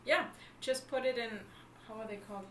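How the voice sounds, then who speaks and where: A woman's voice: on the high side, quick pace. German woman chatting in an echoey room. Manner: chatty, restarts sentences, searches for words. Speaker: livestream co-host. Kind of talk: casual chat. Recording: echoey room with faint background noise.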